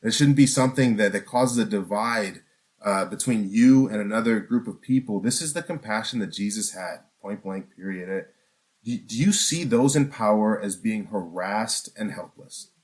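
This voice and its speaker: A man's voice: lowish voice, moderate pace, darkish tone. A man preaching a sermon in an earnest, conversational way, asking the listeners questions and often restarting his sentences. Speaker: pastor.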